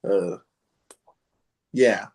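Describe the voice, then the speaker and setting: Easygoing man, halting casual chat. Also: on the low side, darkish tone. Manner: halting, many fillers, self-described sarcastic. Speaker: podcast host.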